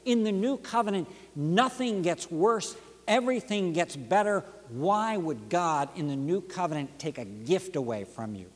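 A man's voice: high voice, animated, normal speed. Man preaching in a reverberant church. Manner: rhythmic, dynamic preaching with dramatic drops to near whisper and rising emphatic peaks. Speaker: pastor. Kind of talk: sermon. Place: church sanctuary.

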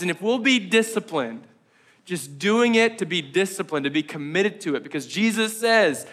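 A man's voice: sits high, lively intonation, normal speed, a bit bright. A man preaching a casual, joking sermon to his church, talking conversationally and laughing often. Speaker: pastor.

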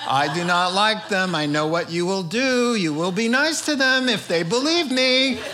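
A man's voice: sits high, lively intonation, very fast, voice pushed up. A man preacher voicing a sulking, indignant grown male prophet who protests in a whiny, exasperated way.

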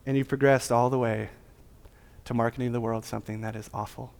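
A man's voice: medium pitch, flat delivery, fast talker, vocal fry, darkish tone. Casual preacher man in a reverberant hall. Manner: casual, joking, conversational preaching. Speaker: pastor. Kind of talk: sermon.

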